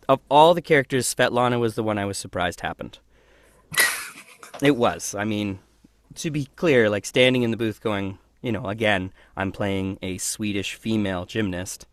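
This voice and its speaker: A man who is a voice actor guest, talking through his work in a thoughtful, animated way. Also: lowish voice, no echo. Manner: thoughtful, animated, acts out voices mid-sentence. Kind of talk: casual interview conversation.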